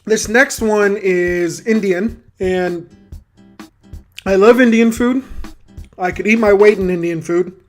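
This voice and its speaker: High-voiced chatty man with faint music. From United States. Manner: chatty, halting with many ums. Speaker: food vlogger. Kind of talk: casual vlog taste test.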